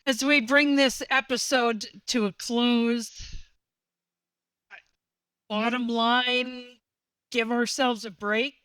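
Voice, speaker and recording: A woman co-hosts a casual podcast and speaks very slowly, with a slightly high voice. She mostly affirms and chimes in briefly, and her sound is dry and close, with no room around it. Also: steady tone, fairly bright tone, smooth, dry recording, rough recording. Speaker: podcast co-host.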